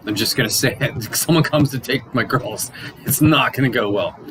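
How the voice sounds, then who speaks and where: A man teaching a casual Sunday school Bible lesson, animated, acting out quotes and often restarting his sentences. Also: medium pitch, normal speed, noisy background.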